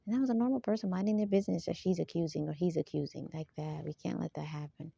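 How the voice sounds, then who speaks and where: Gravelly, dark-voiced woman rambling on. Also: fairly low pitch, fairly even intonation, fast, no echo. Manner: rambling, repeatedly seeks agreement; laughs between points. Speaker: spiritual vlogger. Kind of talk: rambling monologue. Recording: dull lo-fi dry sound.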